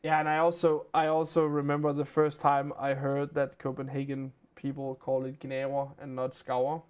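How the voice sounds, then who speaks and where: A man's voice: mid-range voice, monotone, moderate pace, clean tone. A young man with a Danish accent, hosting a live game stream in casual, chatty talk and laughing often.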